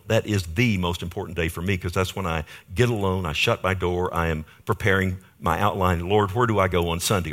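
A middle-aged male pastor telling a personal story in a sermon, animated, swinging from loud bursts to hushed near-whispers. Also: sits low.

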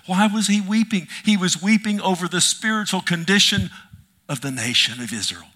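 Impassioned preacher man, bright voice. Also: medium pitch, moderate pace. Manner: impassioned, swings from loud cries to hushed near-whispers. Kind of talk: sermon.

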